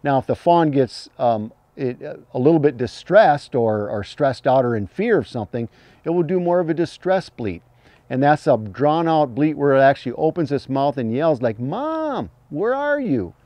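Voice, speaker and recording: A man teaching hunting calls in a plain-spoken, folksy way, breaking into high imitated fawn cries as he explains. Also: expressive, moderate pace, dark tone, no echo. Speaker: hunting call instructor. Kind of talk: instructional talk.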